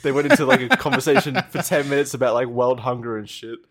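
A man's voice: mid-range voice, fast talker. A man co-hosting a podcast, bluntly recapping a story and chuckling between lines. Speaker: podcast co-host. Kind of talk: casual comedic chat.

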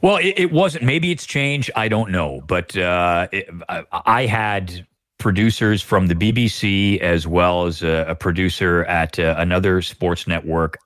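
A middle-aged Canadian man, a guest broadcaster, telling stories in a measured, reflective way during a podcast interview. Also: sits low, fairly bright tone, no echo, clean studio sound.

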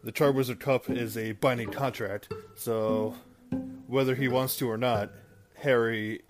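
A man's voice: medium pitch, fairly even intonation, a little slow, close to an everyday voice. A man doing a stiff ministry official. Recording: guitar music in background.

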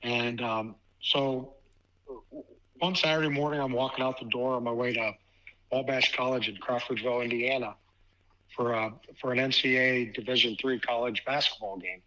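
A man in his fifties from Ohio tells a personal story on a podcast. His voice is bright and forward, and he talks in a halting way, repeating words as he goes. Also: medium pitch, low-quality recording. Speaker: podcast guest, basketball official and assigner. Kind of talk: casual storytelling interview.

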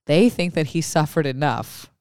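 A podcast co-host from the Pacific Northwest recounts strange news items in casual chat. The delivery is wry and deadpan, with jokes tossed in. The recording is dry, with no room sound. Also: mid-range voice, moderate pace, clean tone, no room sound. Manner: wry, deadpan asides, jokey bits.

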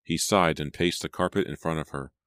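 A man narrates an audiobook in a steady, measured way. His voice is extremely deep, and the recording is dry and close to the mic. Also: clean tone, no room sound. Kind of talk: scripted narration.

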